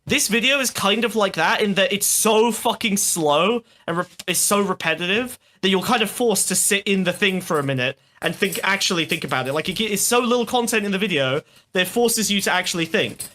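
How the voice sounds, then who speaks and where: A man's voice: high voice, expressive, a little fast, pushed and bright. A man co-hosting a casual commentary chat, sarcastic, profane and rambling. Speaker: co-host.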